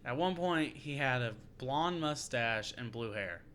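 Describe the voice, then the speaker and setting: A man's voice: medium pitch, animated, unhurried, a bit bright, a little hiss or hum. A young man, co-hosting a casual sports podcast, ranting with lots of swearing and laughter. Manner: profane, ranting, laughs often. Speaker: podcast co-host.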